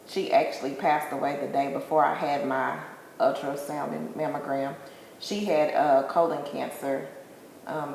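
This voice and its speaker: A middle-aged woman, a guest, telling her own story hesitantly, with many pauses and ums. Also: deep voice, creaky, slight background noise. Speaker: guest, breast cancer patient. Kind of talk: personal storytelling. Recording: very echoey room with long reverb.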